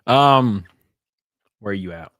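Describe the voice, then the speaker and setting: Here the livestream host speaks slowly in a lowish, slightly bright voice with lively intonation. He rambles in a blunt, profane style, reading out chat donations and answering them, and the recording is dry.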